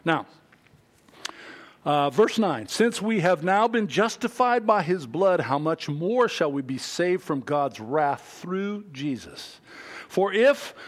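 A man preaching a sermon as pastor, emphatic and animated, acting out other people's voices and reading scripture aloud. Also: a little high.

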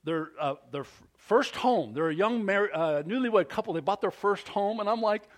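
Animated male pastor preaching. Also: sits high, normal speed. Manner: animated storytelling with frequent questions to the congregation. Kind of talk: sermon. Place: church service.

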